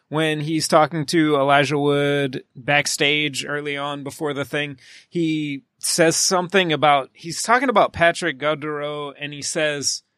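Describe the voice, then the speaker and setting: A man's voice: on the high side, a bit bright, dry recording, clean studio sound. A man co-hosting a podcast, chatting casually about a film with sarcastic, mock-arrogant jokes. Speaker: podcast co-host.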